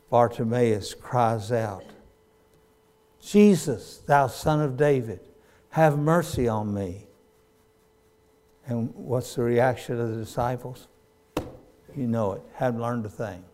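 An older man, preaching a sermon in a folksy storytelling way that breaks into sudden loud cries. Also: medium pitch.

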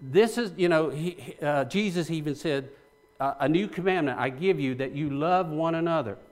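A man's voice: a little high, normal speed, a little mellow. A male pastor preaching a sermon to his congregation, asking them questions and repeating phrases for emphasis, often restarting mid-sentence.

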